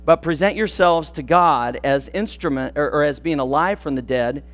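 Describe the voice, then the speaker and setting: Earnest preacher man, slightly high voice. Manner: earnest preaching, rising with emphasis on questions; hushed, slow and reverent in prayer. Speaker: pastor. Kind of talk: sermon with prayer and scripture reading.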